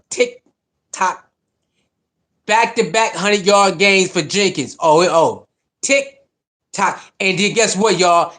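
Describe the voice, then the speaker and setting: A man with a high voice gives fired-up football reaction commentary. He talks straight to his viewers in slangy speech, taunting rival fans and hammering the same points again and again. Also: a bit bright. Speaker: sports reaction vlogger.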